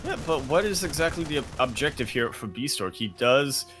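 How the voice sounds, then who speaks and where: A man casting a live video game match with dry wit and brisk analytical play calls. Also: medium pitch, lively intonation, over music. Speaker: esports caster.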